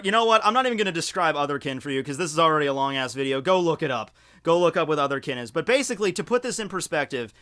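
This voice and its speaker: A man telling a story on his vlog in a rambling, profane, animated way. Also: on the high side, clear, resonant tone.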